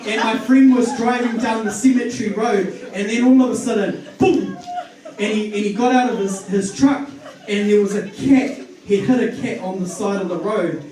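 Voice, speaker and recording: A man's voice: sits high, moderate pace, darkish tone. A man with a New Zealand accent doing a nervous stand-up comedy set, rambling with lots of ums and restarts and laughing at his own jokes. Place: comedy club stage with audience. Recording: very echoey room, voice far from the mic.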